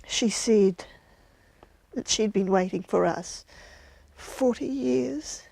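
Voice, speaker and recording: Slow-speaking New Zealand woman. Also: medium pitch, gravelly, no echo. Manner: nervous, excited storytelling. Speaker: interviewee.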